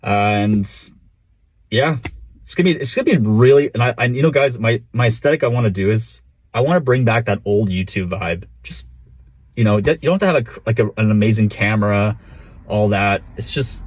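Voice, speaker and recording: A man's voice: fairly low pitch, brisk, no room sound. A man vlogging casually to camera, rambling with restarts and calling people "bro", recorded without a proper mic. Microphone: built-in camera or phone mic.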